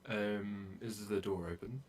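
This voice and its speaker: A man playing a tabletop game, making quiet, mumbled asides to the group. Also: lowish voice, steady tone, measured pace. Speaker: player.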